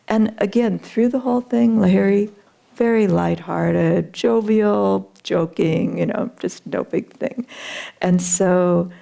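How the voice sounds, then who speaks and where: A woman's voice: medium pitch, creaky, dark tone. A woman retelling a spiritual story in a talk, earnest, with frequent fillers.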